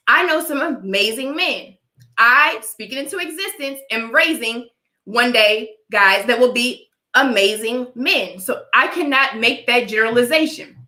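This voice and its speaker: Her voice slightly high and sharp, a young adult woman vlogger shares her opinions with live chat in a casual stream, preaching as she goes. She has a dry, allergy-related cough and often says "all right?". The sound is roomy and the audio poor.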